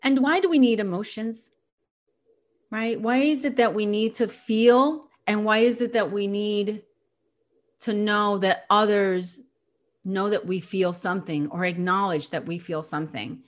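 A middle-aged woman giving a reflective explanatory talk on psychology in a measured, gentle way, often pausing with filler phrases. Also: medium pitch, steady tone.

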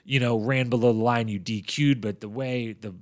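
A young man hosting a podcast, giving a casual, animated recap with sudden loud exclamations. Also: medium pitch, normal speed. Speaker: podcast host.

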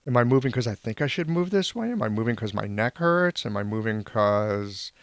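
Wry man with a gravelly voice. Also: on the low side, very animated, fairly quick, no echo. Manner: wry, self-deprecating, probing questions. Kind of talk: casual conversation.

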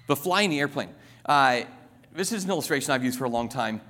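A man's voice: medium pitch, animated, quick pace, sharp tone, in a large hall. A man preaching a sermon, emphatic and repetitive, building his points through illustrations.

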